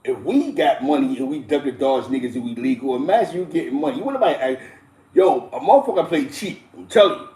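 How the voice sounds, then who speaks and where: A man's voice: medium pitch, expressive, quick pace, darkish tone. A middle-aged man hosting a live stream, telling stories in blunt, profane casual street talk and chuckling as he goes. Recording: roomy echo.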